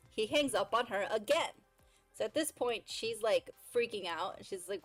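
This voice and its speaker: A woman streamer tells a story in a chatty, animated way, dropping "like" all over and adding exasperated asides. Her voice sits at a middle pitch. It is recorded dry and close, with faint music behind her. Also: moderate pace, no room sound, rough recording.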